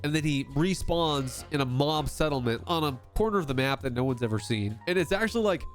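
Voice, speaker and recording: Man reviewer, upbeat slangy delivery, slightly high voice, soft music underneath. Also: fairly quick. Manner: animated, slangy, laughs often. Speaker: book reviewer. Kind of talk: casual book review vlog.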